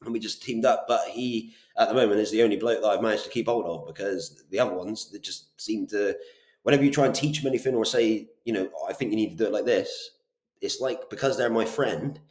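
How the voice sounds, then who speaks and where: A young man with a Bristol accent tells his story briskly and with energy, swearing casually. His voice sits a little low. The room gives the recording a noticeable echo. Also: a little mellow. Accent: Bristol English. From Bristol, England. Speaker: guest, property business owner. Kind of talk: casual interview chat. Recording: roomy echo.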